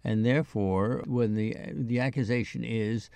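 A man's voice: medium pitch, steady tone, unhurried, creaky, darkish tone, clear, resonant tone, dry recording. A man on a discussion panel who speaks earnestly and cuts in to make his points.

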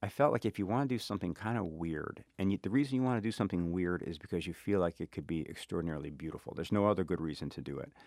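Low-voiced reflective man from Chicago. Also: a little mellow, dry recording, clean studio sound. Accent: South Side Chicago. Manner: thoughtful, halting, many restarts. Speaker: author guest. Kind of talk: reflective interview talk.

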